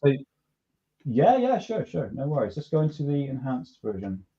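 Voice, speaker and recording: Male podcast host, casual chat, dark mellow tone, dull lo-fi sound. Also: medium pitch, wildly swooping pitch, normal speed. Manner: laid-back, chuckling, restarts a lot.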